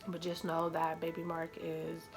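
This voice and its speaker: A young woman with a slightly low voice talks straight to her viewers, halting and fighting back tears. Her speech is full of ums and likes, broken off and restarted. Faint music plays quietly under her voice. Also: completely flat delivery. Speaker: mother vlogger. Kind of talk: emotional personal vlog to viewers.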